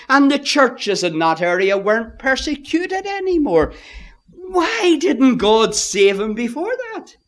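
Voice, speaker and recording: Emphatic male preacher with a lively voice. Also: high-pitched. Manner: emphatic, rising and falling with hushed asides. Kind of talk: sermon.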